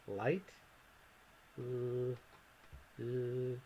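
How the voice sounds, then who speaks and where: A man instructor narrating a software screencast tutorial, casual and thinking aloud as he clicks, with joking asides to the viewer. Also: mid-range voice, steady tone, a little slow, lo-fi sound. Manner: casual, talks to himself while clicking.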